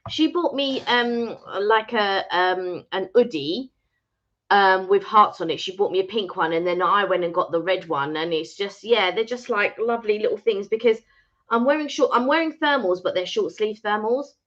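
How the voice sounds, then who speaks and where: A woman's voice: medium pitch, normal speed, a bit bright. A woman co-hosting a casual live chat from home, chatty as she greets viewers and adds asides. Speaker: co-host of a live chat stream. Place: at home indoors. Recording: slightly dull lo-fi stream audio.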